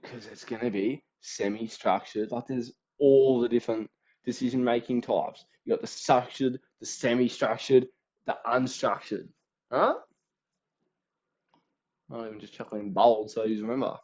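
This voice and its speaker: A man's voice: mid-range voice, steady tone, moderate pace, darkish tone. Slangy young Australian guy, dull recording. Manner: slangy, chatty, acts out little quoted voices. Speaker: student giving exam revision tips. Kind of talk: casual exam revision rundown.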